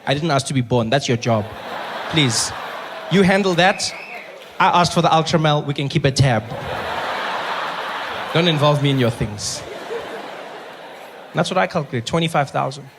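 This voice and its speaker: Against a noisy background, a South African man in his thirties performs stand-up, his slightly high voice at normal speed with frequent pauses. He tells stories in an animated way that climbs to loud punchlines.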